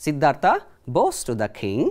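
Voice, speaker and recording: Female teacher, TV classroom lesson, lively questioning delivery. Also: sits low, moderate pace. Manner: explains words and asks students questions, switching between English and Kannada. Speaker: English teacher.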